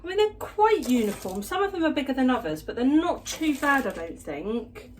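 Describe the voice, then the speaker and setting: A woman's voice: high-pitched, very animated, normal speed. Woman, home vlogger, casual chatty delivery, light background hiss. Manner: chatty, self-deprecating, giggly. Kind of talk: casual chat to camera.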